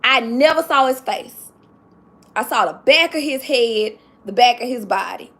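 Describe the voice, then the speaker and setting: A woman's voice: on the high side, unhurried, a bit bright, a little hiss or hum. A woman who works at a school, telling an emotional story on a casual live stream, close to tears, talking straight to her chat and repeating herself. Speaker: livestream host telling a story.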